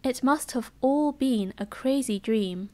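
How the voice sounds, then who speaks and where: A woman's voice: high voice, takes it slowly, darkish tone. A woman doing a fretful British cheese seller. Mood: dismayed. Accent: British English. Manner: plain, fretful. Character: earnest worried male cheese seller. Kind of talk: whispered role-play.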